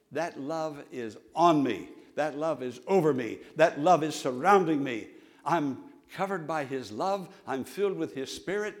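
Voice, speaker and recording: A man preaching a sermon in a church, with emphatic repetition and call-and-response. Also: fairly high pitch. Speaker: pastor. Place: church sanctuary.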